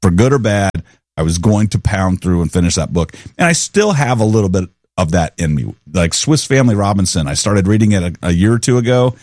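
A man in his forties chats as a podcast co-host in a lowish voice. His talk is wry and rambling, full of restarts. Recorded dry and close. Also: lively intonation, brisk, darkish tone, no room sound. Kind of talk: casual chat.

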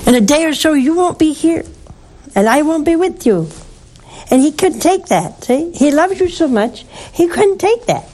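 A woman's voice: sits high, animated, mellow, low-quality recording. A woman who hosts a religious call-in show and is addressed as Mother. She preaches and counsels callers in an earnest, emphatic way. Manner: slow, emphatic, earnest preaching with rising exclamations. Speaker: religious TV host taking calls, addressed as Mother.

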